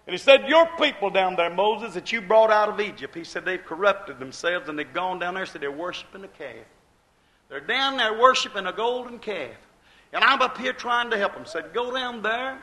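A male preacher giving a sermon, retelling scripture in folksy dialect and dropping low, then rising loud, when quoting God. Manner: storytelling preacher who acts out God's voice low and rising loud.

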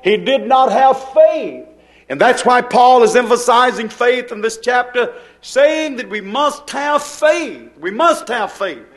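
A man's voice: very high voice, expressive, slow. A man preaching a sermon, telling the story in a folksy way and repeating key phrases.

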